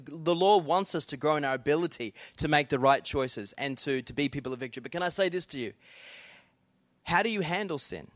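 A man's voice: fairly high pitch, dry recording. A middle-aged man preaching a sermon in an earnest, conversational way, talking directly to the congregation. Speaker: pastor.

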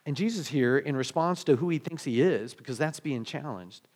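A man's voice: mid-range voice, normal speed, a little mellow, breathy edge. A male pastor preaching a sermon in a conversational way, asking many rhetorical questions and often restarting his sentences.

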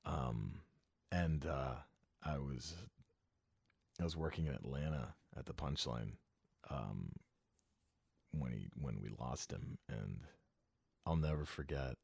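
A man's voice: extremely low pitch, animated, a little slow, vocal fry, pauses often, darkish tone, slightly rough, no room sound, clean studio sound. A comedian talking openly and emotionally as a podcast guest, swearing freely as he remembers a friend.

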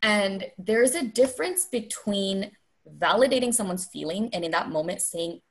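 A young woman speaking as a podcast guest in a measured, earnest, reflective way. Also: medium pitch, expressive. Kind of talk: reflective conversation.

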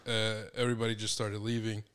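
A man's voice: fairly low pitch, level tone, fast, a bit bright, smooth. A young man co-hosting a podcast, telling a story in loose, rambling casual chat and laughing often. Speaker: podcast co-host.

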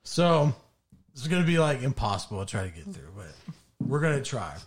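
Animated, profane man chatting on a podcast. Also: medium pitch, brisk. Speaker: podcast co-host. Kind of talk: casual chat.

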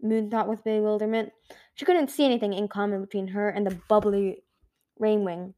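A woman reading a children's fantasy novel aloud in a measured way, with small slips and restarts. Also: mid-range voice, fairly even intonation, dark tone. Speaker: audiobook reader. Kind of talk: storybook read-aloud.

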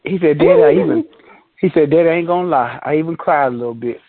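A man co-hosting a podcast, telling a family story in a lively, chatty way. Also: on the high side, fast talker, noisy background. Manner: animated storyteller, laughs often. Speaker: podcast co-host. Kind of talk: casual chat. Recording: dry, thin phone-like sound.

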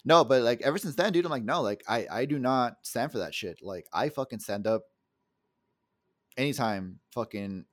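A man's voice: medium pitch, lively intonation, moderate pace, fairly bright tone, no room sound. A young man from the El Paso area, co-hosting a casual podcast and telling a story in a heated, profane way. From El Paso area, USA. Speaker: podcast co-host.

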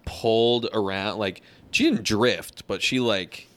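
A man's voice: on the low side, takes it slowly, a bit bright, clean tone. A man, co-hosting a casual podcast chat, cracking crude jokes and laughing often. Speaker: podcast co-host.

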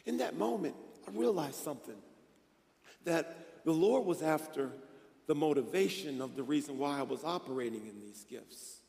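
High-voiced, animated preacher man. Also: normal speed, creaky. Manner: energetic, animated and conversational, with bursts of excitement. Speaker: pastor. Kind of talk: sermon. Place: church sanctuary. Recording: echoey church hall.

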